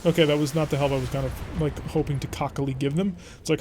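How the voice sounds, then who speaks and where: A man's voice: mid-range voice, steady tone, quick pace, a little mellow, slight background noise. A young adult man streaming a mech strategy game, giving chatty, wry, mock-exasperated play-by-play commentary. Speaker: gaming streamer. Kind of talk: let's play gameplay commentary.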